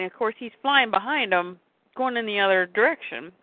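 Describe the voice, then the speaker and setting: Animated woman reading comics aloud, tinny. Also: mid-range voice, normal speed, no room sound. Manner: animated, acts out lines in voices. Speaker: podcast co-host. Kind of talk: casual chat, reading comic dialogue aloud. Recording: tinny phone-like, dry sound.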